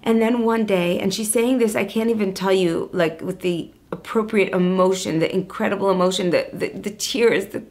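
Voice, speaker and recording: An adult woman shares a heartfelt story from her work as an educator, speaking in a mid-range voice. She tells it with feeling, sometimes bright and lively, sometimes dropping soft and low. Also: moderate pace, hardly any pauses. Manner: expressive storyteller, shifting between lively and hushed. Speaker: Jewish educator and coach. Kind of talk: personal storytelling talk.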